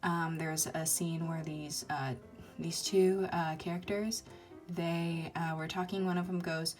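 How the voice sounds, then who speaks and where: Woman vlogger, low voice, casual and rambling, filler-heavy. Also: little pitch movement, measured pace, darkish tone, faint music behind. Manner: rambling, lots of ums and uhs. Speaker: toy-figure video maker. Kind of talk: casual chat.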